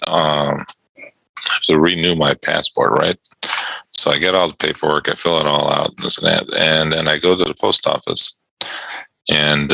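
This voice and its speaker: Very deep, gravelly man chatting casually. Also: pushed and bright, no echo, rough recording. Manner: rambling, amused storytelling with chuckles. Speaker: day trading show host. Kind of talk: casual chat during a live trading session.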